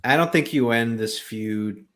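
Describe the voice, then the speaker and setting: A man hosting a casual wrestling podcast, relaxed and hesitant, with many fillers. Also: mid-range voice, measured pace. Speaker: podcast host.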